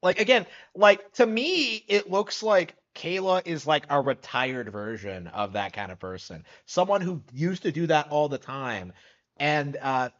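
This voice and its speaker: A man's voice: fairly high pitch, fairly bright tone, dull audio. A man reacting on a live stream, skeptical and incredulous, rambling with lots of fillers.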